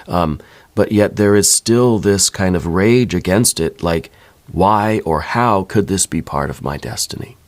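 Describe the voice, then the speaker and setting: A man giving an ASMR tarot reading, speaking softly and intimately to the listener in a gentle, searching way. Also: deep voice. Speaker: tarot reader.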